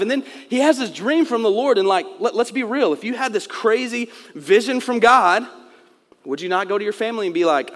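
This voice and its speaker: A man's voice: sits high, expressive, brisk, a bit bright, long reverb tail. A man preaching a sermon, explaining scripture in a conversational way and acting out quotes. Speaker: pastor.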